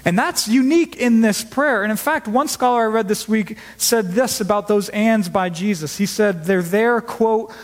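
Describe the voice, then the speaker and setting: An earnest pastor preaching to his congregation, his fairly high voice ringing through a church with a long reverb tail. He speaks emphatically and repeats key words for weight. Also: normal speed, few pauses. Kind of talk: sermon.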